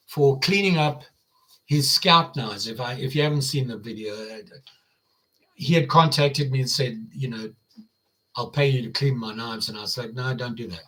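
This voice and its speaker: An older man speaking with an American Midwestern accent casually chats on a live stream he hosts, rambling and restarting with plenty of fillers. His medium-pitched voice is a bit bright and runs at normal speed.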